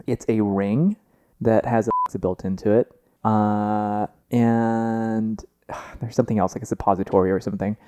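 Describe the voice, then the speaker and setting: A man from Texas, co-hosting a podcast in a relaxed, chatty way with jokey asides. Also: lowish voice, moderate pace, clean tone. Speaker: podcast co-host. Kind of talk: casual chat.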